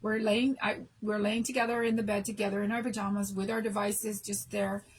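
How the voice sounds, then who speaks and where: A woman's voice: mid-range voice, level tone, fairly quick, husky, low-quality recording. A middle-aged woman hosting a craft channel, talking to her viewers in an emotional, rambling way and restarting sentences, worn out from no sleep. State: exhausted from no sleep. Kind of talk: casual live chat to viewers.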